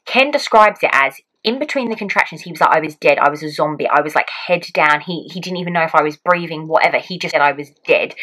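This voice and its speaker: A woman's voice: on the low side, fairly bright tone, poor audio. A young woman telling a personal story in casual vlog style, chatty and acting out what people said. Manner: chatty, acts out quotes, frequent "like". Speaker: vlogger.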